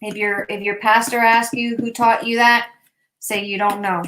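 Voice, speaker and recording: A woman's voice: medium pitch, flat delivery, normal speed, fairly bright tone, roomy sound, low-quality recording. A woman hosting a casual live craft chat, playful and teasing, laughing often. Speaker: host.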